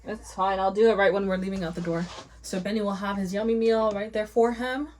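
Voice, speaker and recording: A woman's voice: mid-range voice, fairly even intonation, brisk, a little mellow, a little hiss or hum, rough recording. A woman vlogging at home as she gets ready, chatting casually and thinking aloud to herself. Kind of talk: casual rambling narration.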